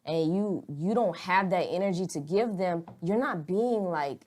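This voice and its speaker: A young woman with a lowish voice, chatting on a podcast. She talks frankly and earnestly, rambles, and swears without a second thought. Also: unhurried, a little mellow. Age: young adult. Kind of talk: casual podcast chat.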